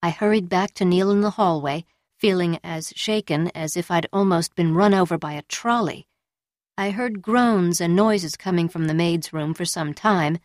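A woman's voice: on the low side, dry recording. Woman narrating a novel, dry close voice. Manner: measured, storytelling. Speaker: audiobook narrator. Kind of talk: scripted narration.

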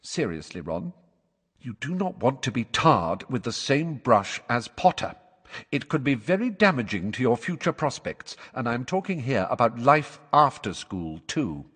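A man's voice: medium pitch, big pitch swings, measured pace, fairly bright tone, slightly rough, big-room sound, exaggerated voice. Storybook: pompous, lecturing young man, a man reading him. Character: pompous, self-important young man writing a letter.

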